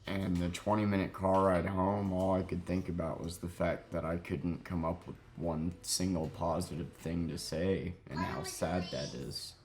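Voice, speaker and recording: A young man telling a sad story in a halting, grieving way, close to crying, in a confessional vlog. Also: low voice, level tone, a little mellow. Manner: halting, heavy with grief, self-critical. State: near tears. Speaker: vlogger.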